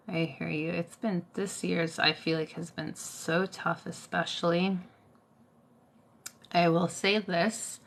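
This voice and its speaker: Tired low-voiced woman chatting on a livestream. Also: flat delivery, slow, gravelly, slight background noise. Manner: chatty, many fillers, answers viewer comments. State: tired, coughing. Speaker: Reiki healer, livestream host. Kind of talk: casual livestream chat.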